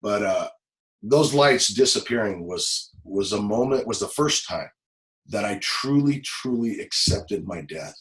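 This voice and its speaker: A middle-aged man from Los Angeles, a former police officer, telling a personal story in an interview, halting and repeating words, close to tears. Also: fairly low pitch, animated, a bit bright, low-quality recording.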